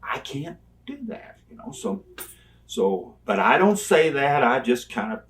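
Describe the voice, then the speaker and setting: Older man telling rambling, animated stories. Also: medium pitch, unhurried. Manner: rambling, animated, acts out quoted people. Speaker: interview guest. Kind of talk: storytelling. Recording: voice somewhat distant from mic.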